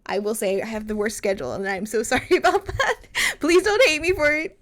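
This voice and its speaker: A woman's voice: a little high, a little fast, fairly bright tone. A young woman streaming live, chatting with her viewers while reading a story game aloud. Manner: chatty, reads game text aloud, answers chat.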